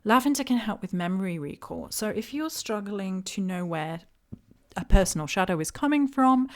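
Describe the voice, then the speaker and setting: A woman hosting a witchcraft channel, narrating a slideshow in a gentle, chatty way with many ums and fond asides to her viewers. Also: on the low side. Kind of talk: slideshow voice-over.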